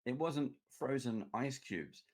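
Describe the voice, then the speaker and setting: A man hosting a casual chat, telling an animated story about running a tabletop game and laughing as he goes. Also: medium pitch, takes it slowly. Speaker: game master and podcast host.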